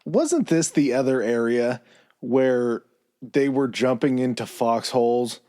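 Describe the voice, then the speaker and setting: A man's voice: medium pitch, expressive, slow pace, mellow. A man co-hosting a podcast, chiming in with short questions and remarks. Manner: brief interjections and questions. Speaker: podcast co-host. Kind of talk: casual chat.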